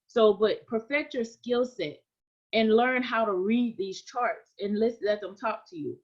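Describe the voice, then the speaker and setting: Woman coaching a live trading class, kinda high voice, keeps saying right?, muffled lo-fi audio. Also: a little slow. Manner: conversational, repeats points, frequent "right?".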